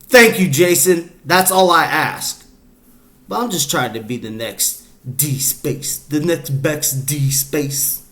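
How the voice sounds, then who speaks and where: Man, podcast host, slightly high pitch, casual rambling chat, filler-heavy. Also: slow pace, a bit bright. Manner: rambling, loose, full of fillers and restarts.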